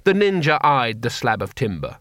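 Man narrating with a lively voice. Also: medium pitch, normal speed, no room sound, studio quality. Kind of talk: audiobook narration.

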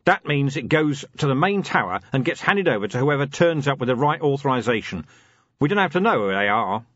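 A man's voice: mid-range voice, big pitch swings, brisk, a bit bright, no room sound, lo-fi sound, voice pushed up. A man reading a hesitant, nervous young special constable making a report.

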